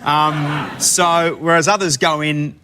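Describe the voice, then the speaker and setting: An Australian man, a guest actor, talks in a slightly high voice. He rambles in a relaxed way and swears casually. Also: takes it slowly, slight background noise. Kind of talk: casual interview chat.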